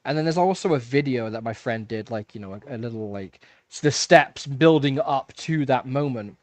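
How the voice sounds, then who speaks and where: A man's voice: mid-range voice, moderate pace, dry recording. A man, hosting a casual livestream and telling a story with lots of laughs and fillers. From England. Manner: animated storyteller, laughs often, chatty with fillers. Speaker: livestream host. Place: home fish room.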